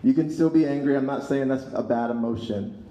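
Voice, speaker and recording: A man leading a protest crowd through a calm, guided emotional exercise. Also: medium pitch, lo-fi sound. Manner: calm, coaching, measured. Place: outdoor street protest. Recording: echoey outdoor PA, crowd behind.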